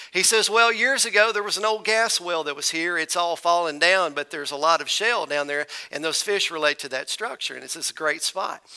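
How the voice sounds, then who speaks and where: Bright, high-voiced preacher. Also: male voice. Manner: folksy, addresses congregation as folks and y'all. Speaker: pastor. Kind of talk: storytelling sermon. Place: church.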